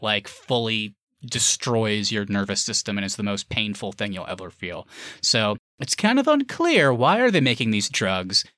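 Chatty man with a bright voice. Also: mid-range voice, no room sound, studio quality. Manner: chatty, wordy, lots of fillers. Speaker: podcast co-host. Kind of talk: casual movie review chat.

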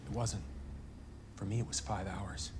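An actor playing an awkward, excitable adult man who rambles and cuts himself off, in a film clip. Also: lowish voice, slight background noise, lightly acted. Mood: rambling. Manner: halting, self-interrupting, nervous excitement. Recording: film clip over music score.

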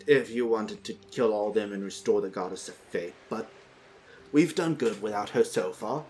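A man's voice: on the low side, normal speed, darkish tone, slight background noise. A man narrating a tabletop game as game master, in a casual, easygoing way. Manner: casual, playing townsfolk in his own voice.

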